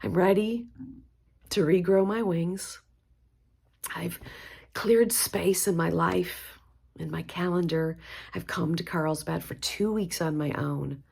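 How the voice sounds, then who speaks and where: Low gravelly-voiced woman leading mantras, slow and gentle. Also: fairly even intonation. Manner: gentle, unhurried, encouraging. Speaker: spiritual teacher. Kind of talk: guided mantra practice.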